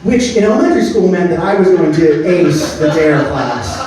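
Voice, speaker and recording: A man in his thirties performing a stand-up comedy set on a club stage, deadpan, with frequent filler words. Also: fairly high pitch, moderate pace, a crowd in the background. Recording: roomy club sound from a distance. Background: faint room ambience.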